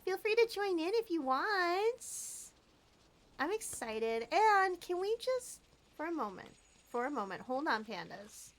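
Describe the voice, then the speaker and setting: Gushing high-voiced woman streamer. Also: very animated, measured pace. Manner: gushing, sweet, frequent soft laughs and throat clearing. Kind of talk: casual gameplay livestream chat. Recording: faint background noise.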